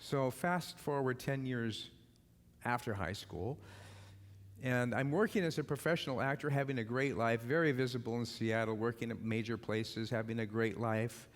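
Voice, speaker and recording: Minister preaching in a ringing hall. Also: male voice, medium pitch. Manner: rousing, repeated calls to act. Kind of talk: sermon with personal story. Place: church hall. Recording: long reverb of a large hall.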